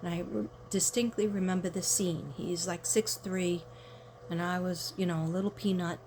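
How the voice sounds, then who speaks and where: A woman's voice: on the low side, steady tone, normal speed, a little mellow, slight background noise. A woman card reader chatting casually to camera, rambling through a story and talking to her viewers directly.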